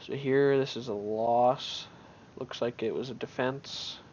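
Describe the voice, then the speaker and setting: A man's voice: medium pitch, fairly even intonation, slow pace, darkish tone, muffled recording, slight background noise. A man giving casual gameplay commentary on his own match, thinking aloud in an offhand way with many restarts.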